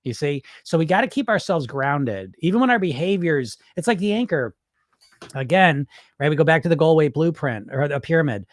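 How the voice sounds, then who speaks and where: A man's voice: fairly high pitch, sing-song, fairly quick, dry recording, clean studio sound. A man coaching weight loss in a casual livestream Q&A, blunt and loose, swearing now and then and checking in with "right?".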